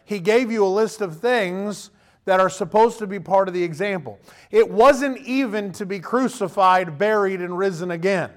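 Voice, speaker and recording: Pastor, man in his thirties with a high-pitched voice; relaxed, conversational sermon delivery that slips into quoted voices. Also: moderate pace.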